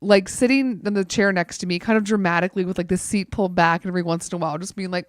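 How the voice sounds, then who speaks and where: A woman in casual podcast chat, telling an animated story full of "like" fillers. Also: lowish voice, racing, hardly any pauses, no echo, studio quality.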